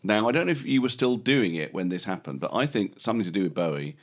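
Middle-aged British male podcast host, deep voice, relaxed banter, self-mocking. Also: fast. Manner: chatty, self-deprecating, laughs often. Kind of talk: casual chat.

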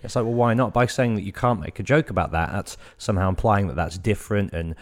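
Male podcast host, deep voice, earnest and enthusiastic in conversation. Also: fast. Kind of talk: casual podcast chat.

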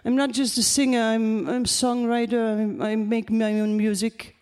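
A woman's voice: fairly high pitch, flat delivery, normal speed, darkish tone, smooth, natural voice. A woman putting on a grand female singer's voice, drawn out and affected. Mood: grandiose. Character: grand diva singer on the phone.

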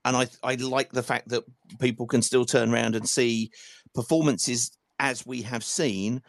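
A man's voice: medium pitch, fairly even intonation, normal speed, vocal fry, no room sound, clean studio sound. A man hosting a football fan phone-in, chatty and self-mocking, reading out listener messages with sweary banter. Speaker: fan podcast host. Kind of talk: casual football phone-in chat.

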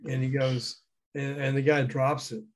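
An older man, a guest in an interview, telling animated anecdotes with chuckles and acting out quoted dialogue. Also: medium pitch, moderate pace. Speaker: guest, former record promotion man. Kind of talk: casual storytelling interview.

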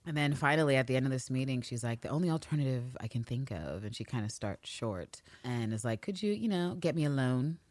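A woman co-hosting a podcast, recapping a TV episode in casual, animated chat and acting out quotes. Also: very deep voice, brisk, hardly any pauses, no echo. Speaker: podcast co-host.

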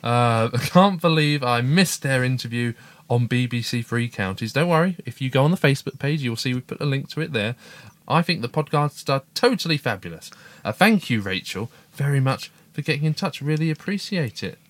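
A man's voice: mid-range voice, lively intonation, brisk, no room sound. A middle-aged man co-hosting a casual family podcast, chatty and upbeat as he reads out listener emails. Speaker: podcast co-host, father.

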